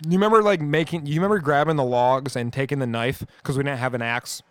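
A man co-hosting a casual podcast, telling road-trip stories with loud, profane, acted-out bursts. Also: medium pitch, fast, smooth, dry recording. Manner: animated, profane storyteller acting out scenes loudly. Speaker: podcast co-host. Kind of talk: casual storytelling.

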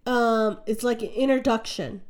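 A woman telling stories in a lively, chatty way, acting out what people said. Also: on the high side, moderate pace. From United States. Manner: animated, chatty, acts out quotes in her story. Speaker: guest. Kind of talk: casual conversational storytelling.

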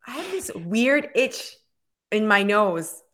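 A woman co-hosting a casual chat, talking fast with lots of fillers and acting out what people say. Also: mid-range voice. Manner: chatty, filler-heavy, animated storytelling. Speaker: podcast co-host.

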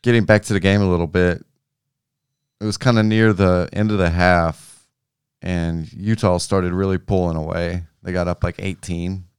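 A man with a deep, very smooth voice chats casually about a basketball game. His talk is relaxed and loose, and the sound is dry and close. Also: normal speed, dry recording. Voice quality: relaxed, restarts and trailing phrases. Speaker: podcast co-host. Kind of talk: casual sports chat.

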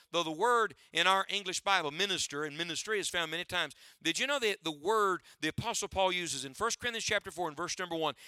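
A pastor preaches a sermon to his church with a preacher's cadence and rhetorical questions, often asking listeners to write down his points. His voice is a little high, bright, forceful and clean, recorded with clean studio sound and no room sound.

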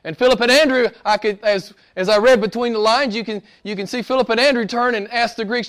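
A man preaching a sermon in a conversational way, asking rhetorical questions and repeating phrases for emphasis, dropping quiet and low and then rising loud and excited. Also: quick pace. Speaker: pastor.

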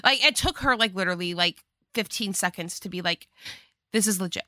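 A woman co-hosts a casual podcast chat, blunt and joking, with a bright, edgy voice. She uses lots of "like." The recording is dry, close and free of echo. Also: fairly low pitch, a little fast. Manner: blunt, joking, heavy use of like. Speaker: podcast co-host.

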